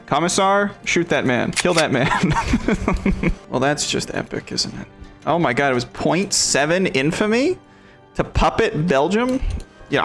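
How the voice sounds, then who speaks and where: A man's voice: fairly high pitch, vocal fry, a bit bright. A man giving casual, irreverent commentary on a strategy game he is playing, joking and laughing as he goes. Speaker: gameplay commentator.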